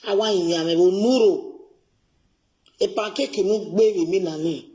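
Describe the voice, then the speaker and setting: High-voiced man in a played clip. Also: moderate pace, dark tone. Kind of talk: recorded clip played for reaction.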